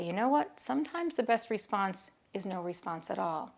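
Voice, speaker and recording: A middle-aged woman with a gravelly edge to her voice speaks at a middle pitch. She talks conversationally as a school behavior consultant, slipping into quoted dialogue as she tells stories. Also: moderate pace. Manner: conversational, acts out dialogue in anecdotes. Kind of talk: talking-head teaching video.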